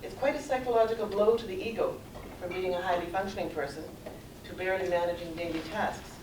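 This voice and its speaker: A middle-aged woman speaks to a conference audience, telling her story in an earnest, measured way. She is heard from some distance in a roomy space. A steady background noise sits under her voice. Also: lowish voice. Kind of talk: prepared personal talk read aloud. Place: conference room.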